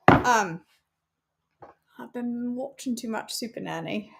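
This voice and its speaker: A woman's voice: on the high side, slow, vocal fry, very noisy. A woman hosting a casual live cooking show from her home kitchen, chatting playfully with her viewers. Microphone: camera on a counter.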